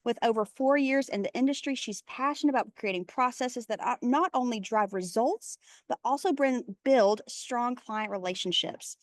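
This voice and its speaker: A woman's voice: on the high side, normal speed, hardly any pauses, no room sound. A woman with a Texas accent hosting an online session by video call, chatty and greeting attendees by name. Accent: Texan. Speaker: webinar host. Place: airport.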